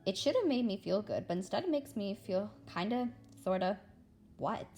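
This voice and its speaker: Over soft background music, a woman narrates a middle-grade novel aloud in an animated, medium-pitched voice with a darkish tone at normal speed. She voices the first-person story expressively as a young girl.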